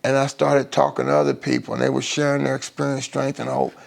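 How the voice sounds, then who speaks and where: A middle-aged man sharing his recovery story in an emotional personal testimony on a live stream, halting often and restarting his sentences. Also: mid-range voice, monotone, creaky. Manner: halting, with many restarts and fillers.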